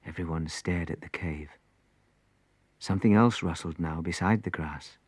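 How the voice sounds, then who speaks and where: A man reading a storybook aloud, in an expressive, unhurried way. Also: low-pitched, husky, no echo, clean studio sound. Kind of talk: storybook narration.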